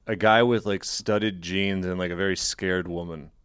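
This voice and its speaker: A man hosting a casual comedy podcast who makes dry, deadpan jokes. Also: low voice, moderate pace, clean tone, no echo.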